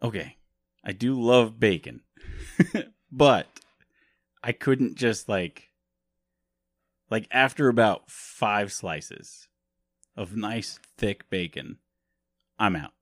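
A man's voice: fairly low pitch, expressive, extremely slow, long pauses, no echo. A man co-hosting a casual podcast about movies, joking and rambling with frequent laughs. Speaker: podcast co-host.

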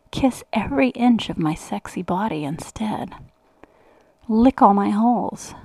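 A woman reading a scripted domination mantra, commanding and teasing, at times dropping into soft whispers. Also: mid-range voice, no room sound, low-quality recording. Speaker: adult audio creator.

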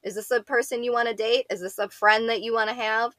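Bright frank woman from Buffalo, podcast co-host. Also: fairly high pitch, steady tone, brisk, no echo. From Buffalo, New York. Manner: frank, swears freely. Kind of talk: casual chat.

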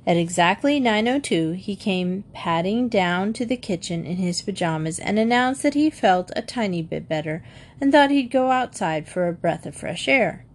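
Brief: woman narrator, mid pitch, clear even storybook reading. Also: moderate pace. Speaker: audiobook narrator.

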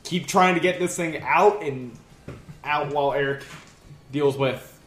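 A man playing in a tabletop game, expressive and swinging between mumbles and bursts. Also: a little high, a little slow, roomy sound. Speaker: player.

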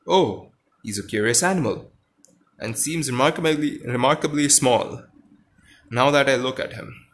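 A man's voice: medium pitch, measured pace, close to an everyday voice. A man reading a timid, sorry lion. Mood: sorrowful. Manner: plaintive, self-pitying. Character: timid, sad male cowardly lion, huge beast. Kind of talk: storybook reading.

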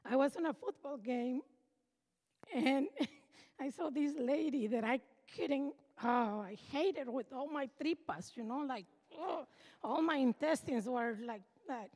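High-voiced older woman giving testimony. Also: a little slow, darkish tone. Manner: earnest, emotional storytelling. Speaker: church member giving testimony. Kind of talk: personal testimony. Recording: reverberant hall.

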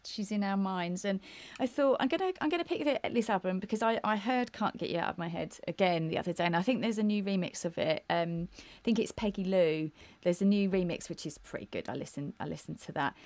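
Lowish-voiced woman podcast host rambling about an old album, dry close sound. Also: no room sound. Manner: chatty, restarts sentences, thinks aloud. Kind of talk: casual music chat.

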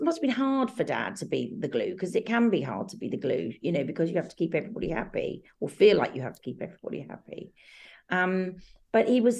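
A middle-aged woman speaks warmly in an interview, recalling family life. She often pauses on ums and starts her sentences again. Her voice sits low and has a gravelly, creaky texture. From England. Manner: warm, hesitant, many ums and restarts. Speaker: guest. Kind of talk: reflective interview chat.

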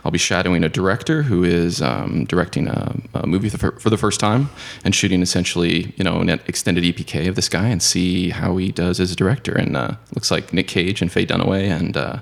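A man's voice: deep voice, brisk, creaky, hardly any pauses. A man, the podcast's producer, chatting in a laid-back way and laughing often. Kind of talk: casual podcast chat.

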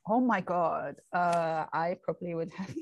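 A woman's voice: lowish voice, unhurried, lo-fi sound. A woman author chatting on a podcast over a remote call, laughing often as she talks. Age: adult. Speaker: guest author. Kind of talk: casual podcast chat.

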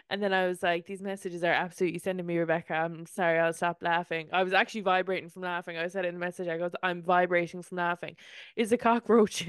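Giggly young woman, smooth voice. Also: mid-range voice, no echo, clean studio sound. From Ireland. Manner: laughs often, reacts and retells. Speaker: podcast co-host. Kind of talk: casual chat.

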